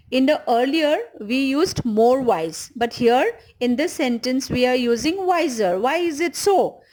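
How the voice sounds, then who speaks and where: This is a slightly high-voiced woman with a darkish tone giving an English grammar lesson in an Indian English accent. She explains with patience and repeats key words slowly. The recording is rough.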